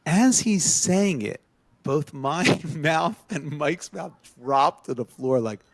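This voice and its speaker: A gravelly-voiced man speaks at a slow pace with no echo while co-hosting a podcast. Telling his friends a story casually, he animates it by acting out the quotes in a rising pitch.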